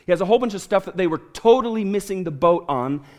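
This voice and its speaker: A man's voice: high voice, lively intonation, quick pace. A man preaching a sermon as a pastor in a church, telling stories and asking the congregation for a show of hands.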